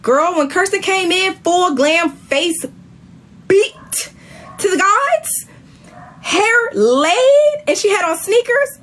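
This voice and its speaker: A young woman chatting casually on a live stream, telling a lively story and acting out what people said. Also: slow, a little hiss or hum. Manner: animated storytelling, acts out quotes in high voice. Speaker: reality show contestant.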